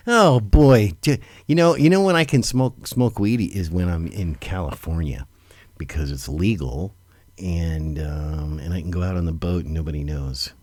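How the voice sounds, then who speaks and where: A man's voice: a bass voice, darkish tone, no echo. A middle-aged man hosting a live talk show in a loose, swearing manner, laughing often. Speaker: host. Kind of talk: casual live commentary.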